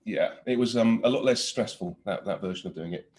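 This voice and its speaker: A man in his forties, an actor telling stories in a casual interview, animated and laughing often with many restarts. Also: on the low side, fairly quick. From Britain.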